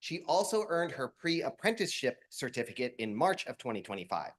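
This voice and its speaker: A man's voice: mid-range voice, big pitch swings, a little fast. A man introducing graduates at a ceremony, with light joking asides between the formal parts. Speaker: program staff presenting graduates.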